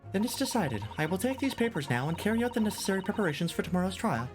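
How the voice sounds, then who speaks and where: A man's voice: high-pitched, very animated, racing, over music, pitched above the performer's own voice. A man voicing a refined young woman assistant who speaks in a formal, earnest and polite way.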